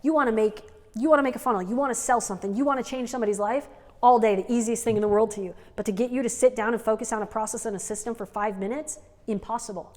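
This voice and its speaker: A woman's voice: on the high side, fast, darkish tone. Rambling woman co-host, reverberant room. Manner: rambling, frequent "like" and "right?" tags. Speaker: podcast co-host. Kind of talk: unscripted couple's podcast chat. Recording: long reverb.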